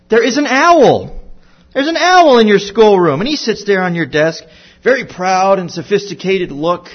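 A man teaching a Bible lesson to children, telling it slowly and deliberately with playful asides. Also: sits high, muffled recording.

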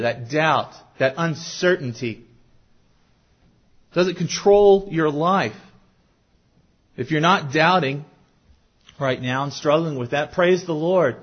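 Man, pastor, sermon, earnest questioning delivery, somewhat high voice, muffled lo-fi recording. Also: husky. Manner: earnest, asks the congregation questions. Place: church sanctuary. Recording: dull lo-fi recording.

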